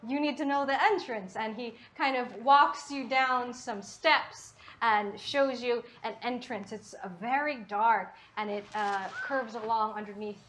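A woman's voice: a little high, unhurried, few pauses, a bit bright, slight background noise. A woman game master narrating a tabletop game, describing scenes with many fillers.

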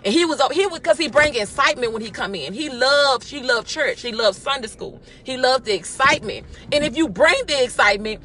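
A woman giving a lively, exhorting devotional while driving, recorded on a phone in her car. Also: high-pitched, fairly quick, few pauses. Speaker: church member giving a devotional. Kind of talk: casual spoken devotional.

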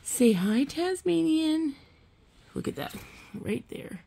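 A woman's voice: sits high, sing-song, slow, creaky, mellow. A woman filming her cats on a phone, chatting to them affectionately in a casual pet vlog. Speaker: vlogger.

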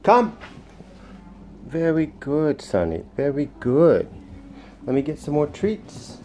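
A man who sits and trains dogs, explaining casually at home. He alternates soft, soothing praise with short, firm commands. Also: on the high side, lively intonation, measured pace, slight background noise. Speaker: dog sitter and trainer. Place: indoors at home.

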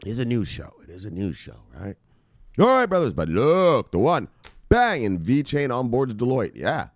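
A man hosting a crypto news show, talking in an excited, casual way, shouting catchphrases, laughing and swearing. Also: mid-range voice, moderate pace, no echo. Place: home near the beach.

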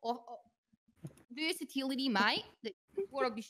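A woman's voice: high voice, animated, moderate pace, fairly bright tone. A woman voicing a brash young Australian wannabe singer with a broad Australian accent, talking in cocky slangy banter with broken grammar. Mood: boastful. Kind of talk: comedy sketch from a livestream.

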